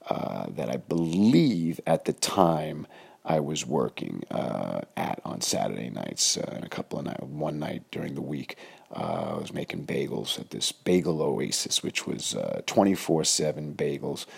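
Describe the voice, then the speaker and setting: Gravelly deep-voiced New man. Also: big pitch swings, unhurried. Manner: rambling, many fillers and restarts. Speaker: podcast host. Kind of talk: casual storytelling monologue.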